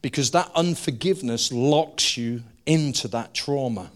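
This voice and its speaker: A man's voice: medium pitch, unhurried. A male preacher giving a sermon, telling stories with humorous asides. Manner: animated, humorous storytelling with asides.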